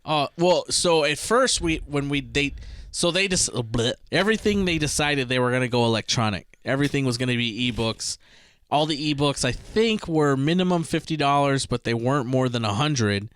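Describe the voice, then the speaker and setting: Young guy cohosting a podcast, smooth clear voice, dry close sound, loose rambly chat. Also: mid-range voice, moderate pace, no echo. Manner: relaxed, laughs easily, rambling restarts. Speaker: podcast co-host. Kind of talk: casual chat.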